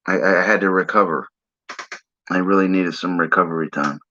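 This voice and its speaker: A man's voice: low voice, steady tone, fairly quick, bright, forceful tone, slight background noise. A man from the Philadelphia area hosting a casual livestream, rambling and saying "man" a lot while he smokes. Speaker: livestream host. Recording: dull lo-fi stream audio.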